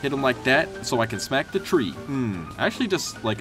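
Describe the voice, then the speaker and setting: A young man giving excitable, jokey gameplay commentary and trash-talking enemies as he plays. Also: medium pitch, fairly quick, hardly any pauses. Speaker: gaming youtuber. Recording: faint game music behind.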